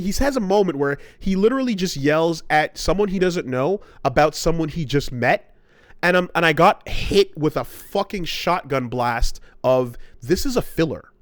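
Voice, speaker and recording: Brief: podcast host, man, somewhat higher voice, cursing storyteller, dry close mic. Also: animated, moderate pace, no room sound. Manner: profane, rambling storytelling rant. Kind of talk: casual podcast chat.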